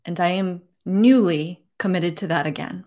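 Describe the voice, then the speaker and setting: A woman in her forties speaking earnestly to camera from her home, emotional and holding back tears, with many halting restarts. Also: on the low side, dark tone. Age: 40s. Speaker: beauty vlogger. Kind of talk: personal address to camera.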